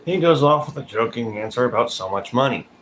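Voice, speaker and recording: A man's voice: mid-range voice, expressive, brisk, a bit bright, poor audio. Blunt, profane man vlogging over background noise. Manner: blunt, profane, calling people out. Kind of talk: casual spoken commentary vlog.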